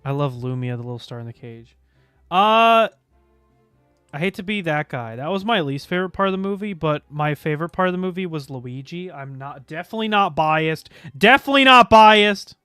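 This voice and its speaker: A man streaming in a casual, chatty way, getting excited, gasping and humming little tunes. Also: fairly high pitch, brisk, smooth, no echo, soft background music. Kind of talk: casual chat.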